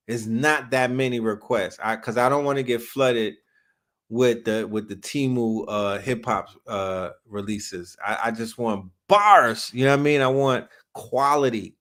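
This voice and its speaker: A man from New York hosts a casual livestream and chats about hip hop. He talks in loose street slang and reacts to what the chat says. His voice sits at a middle pitch for a man. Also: a little slow, a bit bright. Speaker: livestream host.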